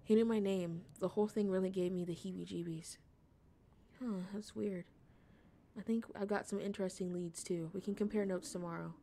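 A woman's voice: mid-range voice, steady tone, normal speed, creaky, dark tone, slight background noise, natural voice. A woman reading as an earnest young woman friend. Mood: gentle. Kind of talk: reading game dialogue aloud.

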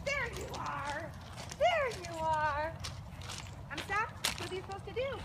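A woman's voice: high-pitched, noisy background. A woman dog trainer filming a puppy training video, praising and coaxing the puppy in a cheerful, sing-song voice. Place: home, indoors then outdoors. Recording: echoey room, voice from a distance.

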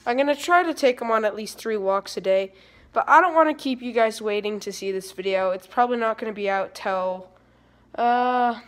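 Filming a casual vlog indoors at her family home, a teenage girl talks playfully to her dogs and viewers through her phone camera. She speaks at normal speed in a voice on the high side.

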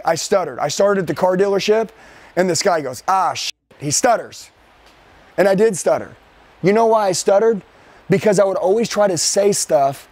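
High-voiced man coaching salespeople forcefully. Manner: forceful, fires rhetorical questions at the audience; speeds up and slows down for emphasis. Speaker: sales trainer. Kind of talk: live sales training to a team.

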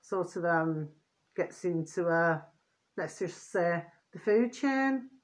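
Speaking slowly in a lowish, expressive voice, a woman vlogger drifts through a casual monologue for her viewers. Irritation runs through it as she vents, repeats pet phrases, and asks "do you see what I mean" again and again.

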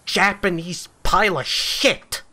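A man's voice: high voice, slow, bright, forceful tone. A man streaming a game live, ranting furiously with heavy swearing.

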